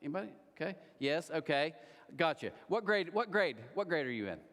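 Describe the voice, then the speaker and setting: A man's voice: on the high side, big pitch swings, a little fast, a bit bright. A middle-aged man preaching a sermon in a casual, storytelling way, with chatty asides to his congregation. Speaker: pastor. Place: large church auditorium. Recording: long reverb of a large hall.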